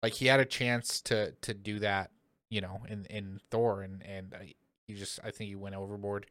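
Smooth, low-voiced young man, laid-back. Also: fairly even intonation, moderate pace, fairly bright tone, no echo, studio quality. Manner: laid-back, agreeable, explains with many fillers. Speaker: podcast co-host. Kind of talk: casual movie chat. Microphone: podcast microphone.

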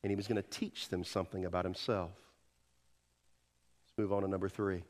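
A man preaching a sermon as pastor, swinging between loud emphatic peaks and hushed quoted lines, and leading the congregation to repeat after him. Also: low-pitched, flat delivery, fairly quick. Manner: leads the congregation in call and response.

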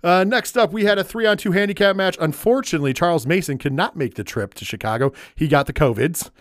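A man's voice: sits high, quick pace, no room sound, studio quality. A man hosting a casual wrestling recap, talking with enthusiastic, profane, rambling energy and plenty of fillers. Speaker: wrestling podcast host.

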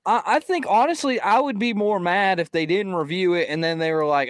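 A man's voice: high-pitched, brisk, dry recording, clean studio sound. A man co-hosting a sports podcast in casual chat, talking hesitantly with stammers and trailing off.

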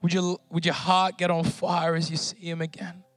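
High-voiced pastor preaching with passion. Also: male voice, monotone, normal speed, a bit bright, no room sound. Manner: impassioned, pleading prayer. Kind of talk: sermon with emotional testimony.

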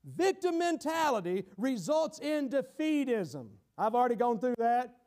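A man preaching a sermon in a dramatic style, acting out the voices of a guilty sinner and sometimes shouting for emphasis. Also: very high voice, big pitch swings, measured pace.

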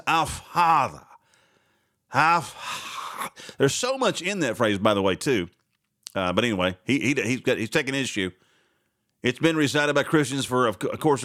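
Chatty, lively-pitched male radio host. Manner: chatty, laughs often, sarcastic asides; reads news items aloud with running commentary. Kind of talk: casual talk radio commentary.

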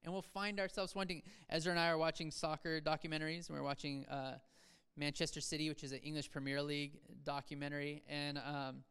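A man preaching a sermon to his church, swinging between soft reflective talk and emphatic rises, with self-deprecating asides. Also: on the high side, little pitch movement, brisk, clean tone. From Seattle area, USA. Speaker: pastor. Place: church sanctuary.

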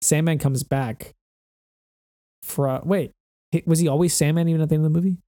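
A man in casual conversation about a film, rambling and animated, often acting out characters' lines. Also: on the high side, brisk, no room sound, clean studio sound. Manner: rambling, animated, acts out quotes. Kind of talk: casual movie discussion.

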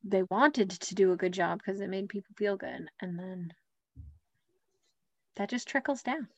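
A woman's voice: medium pitch, a little slow, dry recording. A woman, a mother and wellness coach, co-hosting a podcast in a rambling, chatty way full of fillers. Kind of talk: casual podcast chat.

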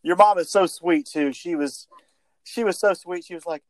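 A man co-hosting a podcast in casual chat, enthusiastic and quick to laugh. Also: fairly high pitch, no room sound.

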